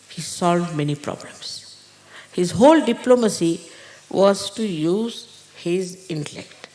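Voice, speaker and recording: A woman spiritual teacher giving an unhurried, halting spiritual talk to followers, with pauses and fillers. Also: lowish voice, darkish tone. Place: large indoor gathering hall. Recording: echoey hall recording.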